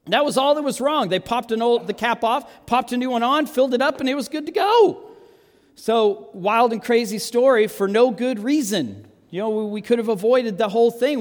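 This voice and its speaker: Preacher, high-voiced man, lively storyteller, big hall reverb. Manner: animated, self-amused storyteller with frequent restarts. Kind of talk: sermon storytelling.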